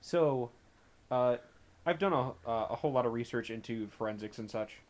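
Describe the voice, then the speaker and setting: A man's voice: mid-range voice, normal speed. A man appearing as a guest on a livestream, chatting casually and laughing easily. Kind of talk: casual conversation.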